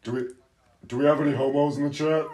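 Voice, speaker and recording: A young man co-hosting a podcast, taunting and cursing loudly through crude prank banter. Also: a little high, fairly even intonation, fast. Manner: taunting, loud and profane. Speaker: podcast co-host.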